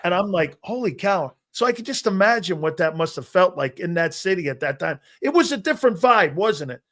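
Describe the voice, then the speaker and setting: Older male sports show host, earnest, slightly high voice. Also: animated, a little fast, fairly bright tone. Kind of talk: casual chat.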